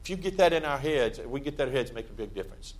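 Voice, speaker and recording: A man preaching a sermon in a church, conversational and plain-spoken, with sudden loud emphatic bursts. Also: mid-range voice, lively intonation, rapid-fire. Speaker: pastor.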